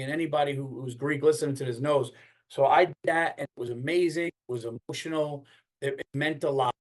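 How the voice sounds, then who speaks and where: A middle-aged man hosting a podcast, telling a story in a casual, comedic way, swearing and acting out the people he quotes. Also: medium pitch. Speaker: podcast host.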